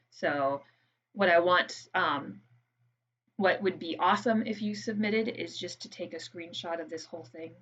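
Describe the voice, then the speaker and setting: A woman with a notably low voice talks students through a lab exercise, casual and thinking aloud with ums and quick checks. The recording is a little dull, with faint room noise behind her. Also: a bit bright. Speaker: physics instructor. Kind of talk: screen-recorded lab walkthrough.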